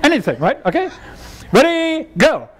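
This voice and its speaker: A man's voice: very high voice, wildly swooping pitch, moderate pace, crowd noise. A man leading a humorous seminar workshop, playful and laughing as he coaxes the audience through exercises. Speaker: seminar leader.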